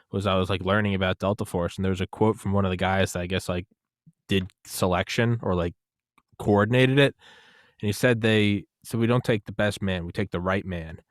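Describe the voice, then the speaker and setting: A lower-pitched male host chats casually and keeps hedging with fillers as he works toward his question. His voice sounds dry and close to the mic. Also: dry recording. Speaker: podcast host. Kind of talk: casual interview chat.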